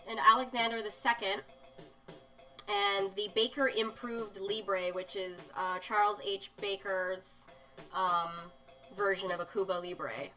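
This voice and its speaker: A streamer flips through zines on a live stream, casually reading magazine excerpts aloud with many fillers and emotional side remarks. She speaks at a medium pitch over soft background music, and the audio is poor.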